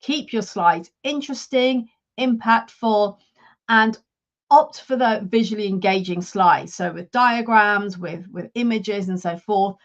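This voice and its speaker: A woman working as a leadership and career coach, giving a measured, instructive talk straight to her live viewers. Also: medium pitch, muffled recording.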